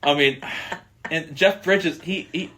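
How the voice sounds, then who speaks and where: A man co-hosting a casual podcast, giving animated, opinionated movie reviews and laughing easily. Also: a little high, slow. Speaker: podcast co-host.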